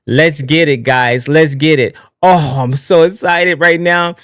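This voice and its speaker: A man hosting his own live political talk stream in a casual, excitable, rambling way, often restarting his sentences. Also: on the high side, measured pace, smooth, no echo, studio quality. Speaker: livestream political show host.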